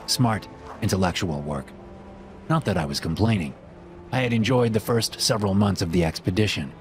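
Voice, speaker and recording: A man with a low voice tells a first-person horror story in a steady, measured way. His scripted narration sits over loud background music.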